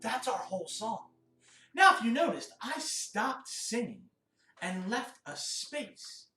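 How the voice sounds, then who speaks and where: A man's voice: extremely high pitch, big pitch swings, slow, sharp tone, far from the mic. A man teaching a children's music lesson, upbeat and encouraging as he talks to young kids. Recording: roomy, off-mic, guitar behind.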